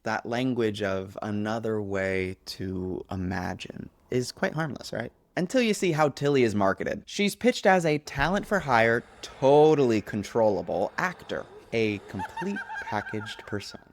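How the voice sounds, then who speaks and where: A man, an actor, giving casual commentary straight to the listener in an animated, expressive way with playful asides. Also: on the low side, unhurried, few pauses, no room sound.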